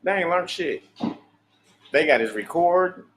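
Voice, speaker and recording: Streamer, male, high-pitched, profane preachy monologue. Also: expressive, measured pace, a bit bright, a little hiss or hum. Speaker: livestream host. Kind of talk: unscripted livestream monologue.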